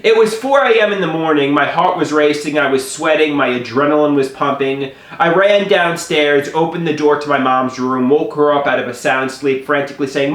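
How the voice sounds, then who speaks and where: A man telling a personal story to the camera in an animated way, often stammering and restarting his sentences. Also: a little high, a little fast, few pauses, roomy sound.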